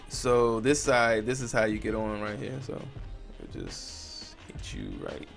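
A young man's gravelly, lowish voice swoops wildly in pitch as he talks a little slowly. Hosting a gaming channel, he gives casual, profane let's-play commentary over faint game music, sounding frustrated and speaking directly to viewers.

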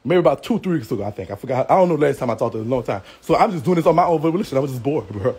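A man's voice: medium pitch, expressive, very fast, a little mellow, husky. A man ranting on a livestream, brash and profane, trash-talking with a Southern US accent and frequent laughs. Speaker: live streamer. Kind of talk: livestream rant.

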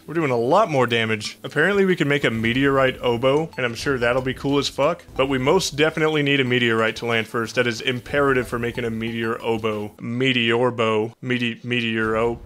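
A young man giving excitable, profane gameplay commentary as a gaming channel host, with panicky outbursts. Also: medium pitch, brisk, few pauses.

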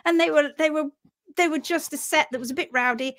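A woman telling a funny story on a live stream, animated and self-mocking, laughing often. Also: sits high, brisk. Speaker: host of a live horse-care session.

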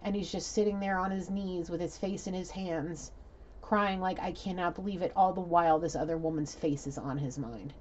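A woman giving a casual spiritual reading, telling what she sees in a chatty, animated way full of fillers. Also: lowish voice, moderate pace, muffled recording, slight background noise. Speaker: tarot reader.

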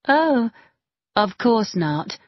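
A man voicing a gentle, obliging young governess in an audiobook reading. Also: high-pitched, sing-song, very slow, slightly rough, dry recording, pitched above the performer's own voice, full character voice. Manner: soft and obliging. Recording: dull lo-fi dry recording.

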